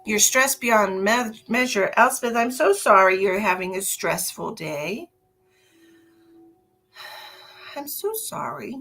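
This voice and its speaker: A woman's voice: medium pitch, animated, slow pace, long pauses, bright, forceful tone. A middle-aged woman hosting a casual live stream as a psychic medium, rambling chattily to her viewers with lots of fillers.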